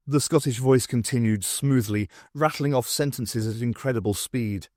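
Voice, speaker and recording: A man narrating an unabridged audiobook in a measured, dramatic reading. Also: medium pitch, dry recording, clean studio sound. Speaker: audiobook reader.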